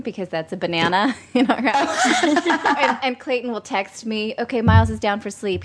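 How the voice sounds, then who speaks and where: A pregnant woman in her thirties hosting a casual chat, chatty and quick to laugh. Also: a little high, lively intonation, slight background noise. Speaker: podcast host.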